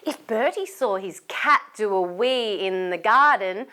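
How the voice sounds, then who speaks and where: A woman with an Australian accent, a children's entertainer reading a picture book aloud, animated and asking young listeners to join in. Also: fairly high pitch, moderate pace, few pauses. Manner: animated, asks young listeners questions and invites them to join in.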